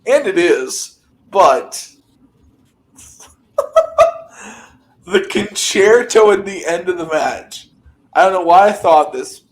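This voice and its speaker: A young man co-hosting a podcast, telling stories in a casual, animated way with a lot of laughter. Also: sits high, unhurried, poor audio. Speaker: podcast co-host. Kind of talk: casual chat.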